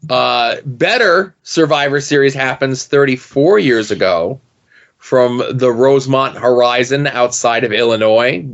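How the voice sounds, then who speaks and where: A man's voice: medium pitch, measured pace. Podcast host guy, casual and wry, kinda dull lo-fi sound. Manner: wry, joking asides. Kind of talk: casual chat.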